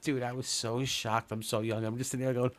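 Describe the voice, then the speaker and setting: A man's voice: medium pitch, little pitch movement, brisk, crowd noise. A man, hosting a podcast and telling a story casually, rambling and cursing, with many fillers and restarts. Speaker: podcast host.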